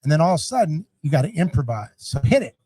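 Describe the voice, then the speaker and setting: Casting: middle-aged man with a slightly high, mellow voice, lively podcast guest who acts out anecdotes. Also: fast talker, husky. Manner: animated storyteller, acts out yelling parents and scats rhythms. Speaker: youth sports league founder, guest. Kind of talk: conversational podcast interview.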